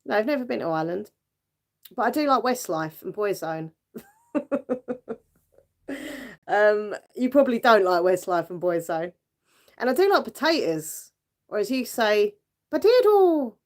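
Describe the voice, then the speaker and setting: A British woman hosts a relaxed livestream and chats away to her viewers. She giggles often and fills her talk with lots of little fillers. Her voice sits at a mid pitch. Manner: chatty and giggly, with frequent fillers. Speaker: livestream host. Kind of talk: casual live chat with viewers.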